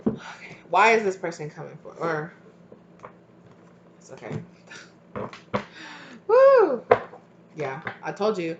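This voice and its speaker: A woman's voice: low voice, expressive, normal speed, pauses often, reverberant, dull audio, noisy background. A woman giving a casual tarot reading, chatty and loose, often trailing off and restarting her thoughts. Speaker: tarot reader.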